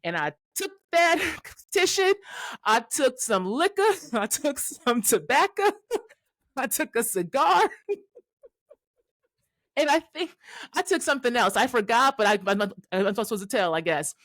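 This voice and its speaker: A woman's voice: on the high side, very animated, a little slow, long pauses, fairly bright tone, no echo, clean studio sound. A woman podcast host and astrologer telling a personal story in a casual monologue, candid and profane, laughing often and talking straight to her listeners. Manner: addresses listeners directly, tags lines with "right?".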